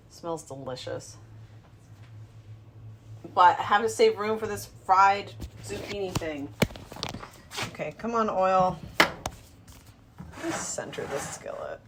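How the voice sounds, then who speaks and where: Slow, rambling woman cooking at home. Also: medium pitch, heavy background noise. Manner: relaxed, rambling, thinks aloud. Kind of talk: casual talking-to-camera chat while cooking. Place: small apartment kitchen and living room.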